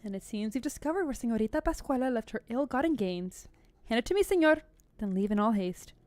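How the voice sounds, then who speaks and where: A woman's voice: on the high side, animated, fast talker, darkish tone, voice pushed down, lightly acted. A woman voicing a cruel male enforcer of an inquisition who speaks in a formal, pious, menacing way. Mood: stern.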